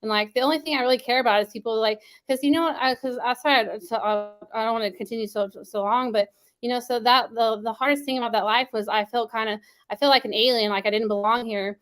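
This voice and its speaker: A woman guest talks fast and rambles from thought to thought, full of restarts and fillers. Her voice is a little high. She rushes through long run-on sentences. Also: steady tone, fairly bright tone. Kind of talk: casual interview talk.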